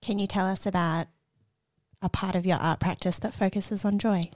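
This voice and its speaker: A woman's voice: medium pitch, fairly even intonation, normal speed, dry recording, studio quality. A woman hosting a podcast, asking questions in an encouraging, enthusiastic way. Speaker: podcast host. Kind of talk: casual podcast chat.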